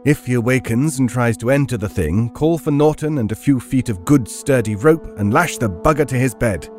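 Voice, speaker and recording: An actor plays a brisk, authoritative occult investigator in a horror radio play. He speaks in a mid-pitched voice, giving short, firm orders. Faint music plays under the voice. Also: darkish tone, natural voice. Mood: commanding. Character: commanding male occult investigator, stern and brisk.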